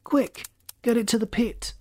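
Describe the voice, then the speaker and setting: A man's voice: sits high, fairly quick, close to an everyday voice. A reader voicing a driven male space captain who barks urgent orders in a storybook reading. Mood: frantic.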